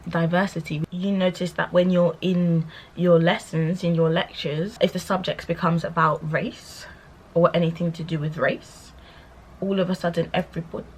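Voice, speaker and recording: A young woman vlogging in a candid rant, sassy and animated and quick to laugh. Her voice sits fairly low and has a husky grain to it. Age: young adult.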